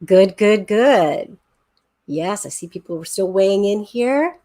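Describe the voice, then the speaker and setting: A woman's voice: medium pitch, lively intonation, unhurried, dark tone. A woman teacher giving an enthusiastic, encouraging online class over a video call, counting aloud and tapping out rhythms. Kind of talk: online class lesson, screen-sharing.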